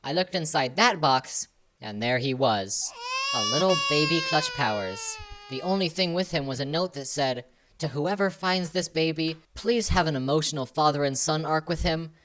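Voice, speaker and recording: A woman with a deep voice plays a long-winded male film director who tells every story with over-the-top drama. The delivery is low-pitched and theatrical. A faint hiss of noise sits under the recording of this comedy podcast sketch. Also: moderate pace, close to an everyday voice. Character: rambling middle-aged male German film director.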